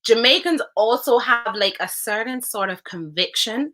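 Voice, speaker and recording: A woman's voice: on the high side, expressive, moderate pace, bright, forceful tone. A young woman with a Bajan accent, chatting playfully and emphatically as an interview guest. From Barbados. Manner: playful, emphatic, bursts of laughter. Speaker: guest, soca artist. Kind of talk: casual interview chat.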